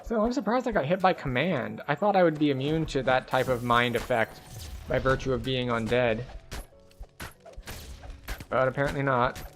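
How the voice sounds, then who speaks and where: A man's voice: medium pitch, normal speed, long pauses, soft background music. Chatty male game streamer. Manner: chatty, analytic, with frequent likes. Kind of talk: casual gameplay commentary.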